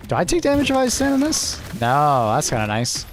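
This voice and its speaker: A young man chats casually while streaming a game, laid-back and quick to chuckle or swear. His pitch sits in a normal middle range but swings expressively as he reacts, and soft clicks tick faintly behind him. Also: wildly swooping pitch, a little hiss or hum. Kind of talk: casual gaming chat.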